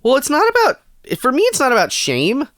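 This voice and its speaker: A man's voice: very high-pitched, huge pitch swings, brisk, a bit bright, dry recording, studio quality. A man co-hosting a comedy podcast, riffing and giggling through silly banter. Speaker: podcast co-host.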